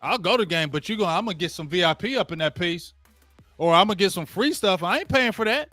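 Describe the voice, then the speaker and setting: A man with a fairly high voice hosts a live game watch-along, ranting in loose, slangy speech and talking straight at his viewers. The sound is dry and close, with faint music underneath. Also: lively intonation, fast, sharp tone, no room sound. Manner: ranting, addresses viewers directly; casual slangy talk. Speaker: sports show host. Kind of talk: live play-by-play rant while watching a game.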